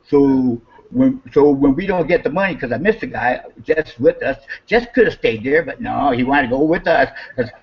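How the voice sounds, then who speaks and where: A man's voice: medium pitch, normal speed, breathy edge, lo-fi sound. A man in casual talk telling a story, swearing freely and acting out heated quotes. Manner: animated, swears a lot, acts out quotes with raised voice.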